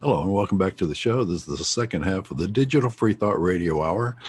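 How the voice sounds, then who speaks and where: A man co-hosting a community radio show, reading announcements and station details in a steady announcer manner. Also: low-pitched, fast, slightly rough.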